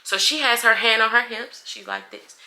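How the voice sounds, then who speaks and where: A young adult woman vlogger telling a heated story in a casual, animated, profane way. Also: a little high, normal speed. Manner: animated, profane, acts out everyone's lines.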